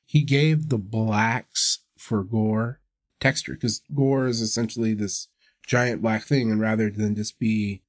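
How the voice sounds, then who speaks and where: Thoughtful man in relaxed chat. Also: lowish voice, slow, no room sound, clean studio sound. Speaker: podcast co-host. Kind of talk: casual chat.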